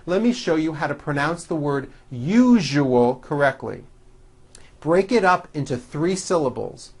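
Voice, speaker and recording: An English pronunciation teacher, leading drills and reading practice sentences in a deliberate, carefully articulated way. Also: medium pitch, expressive. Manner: slow, deliberate, clearly articulated drilling of words. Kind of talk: recorded English pronunciation lesson.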